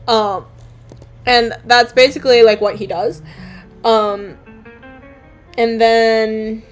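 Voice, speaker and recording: Woman comic artist, casual story recap while drawing, somewhat high voice, rambling, faint music under her. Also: little pitch movement, slow pace. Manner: rambling, full of fillers and casual swearing.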